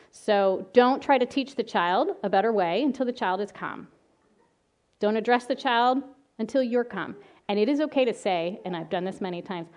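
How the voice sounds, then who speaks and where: A middle-aged woman giving a talk on calming angry children, telling lively stories from her own family and work, often laughing and acting out the children's voices. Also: medium pitch, dull audio. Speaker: child behavior specialist giving a parenting talk. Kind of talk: presentation with slides.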